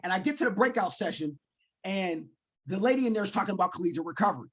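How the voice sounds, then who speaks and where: A man in his forties gives a keynote talk about his life, animatedly acting out his own lines as he tells the story. His voice is high and husky, and he talks fast.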